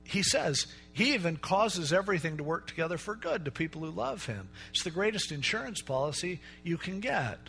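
A middle-aged male pastor preaching a sermon in a relaxed, conversational way, telling stories and acting out the people in them. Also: on the high side, a little fast, creaky, hardly any pauses, soft background music. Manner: conversational storytelling preacher, acts out quoted voices.

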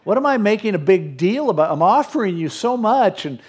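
Brief: outraged king demanding results, voiced by a male preacher, higher than his own voice. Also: big pitch swings, fairly quick, breathy edge, exaggerated voice. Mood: indignant. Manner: outraged, sputtering. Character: indignant male king paying for a curse.

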